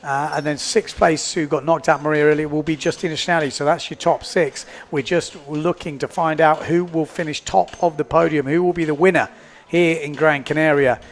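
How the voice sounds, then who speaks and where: A man's voice: on the high side, steady tone, moderate pace. A man commentating live at a sports event, chatty and upbeat, often repeating himself as he thinks aloud. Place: indoors at a beachside event.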